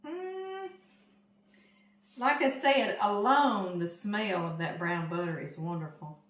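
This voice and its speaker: A woman's voice: mid-range voice, expressive, slow. An older woman from Louisiana with a Southern US accent, chatting to her viewers while she decorates a cake in her home kitchen. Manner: chatty, talks straight to viewers as "y'all". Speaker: home cooking vlogger. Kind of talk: casual cooking demonstration. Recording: roomy kitchen echo.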